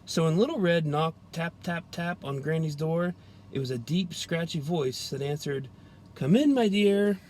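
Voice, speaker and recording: Man gently reading a children's story. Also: fairly high pitch, normal speed, a little hiss or hum. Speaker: police trooper reading aloud.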